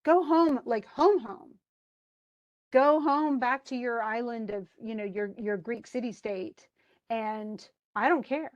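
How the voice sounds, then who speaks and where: A woman's voice: a little high, slow, muffled recording. A woman voicing a greedy, petulant male king in a casual, exasperated retelling voice. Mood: indignant.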